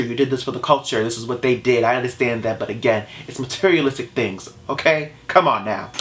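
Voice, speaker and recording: A man's voice: mid-range voice, a bit bright, slight background noise. A man talking straight to camera in a vlog, passionate and exasperated, firing off rhetorical questions. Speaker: vlogger. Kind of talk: opinion vlog rant.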